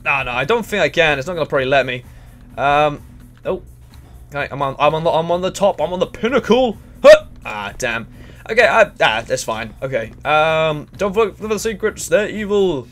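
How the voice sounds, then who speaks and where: Man, let's play commentary, excitable and crude, bouncy animated delivery, faint game music behind. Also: fairly high pitch, moderate pace. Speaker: gaming channel host.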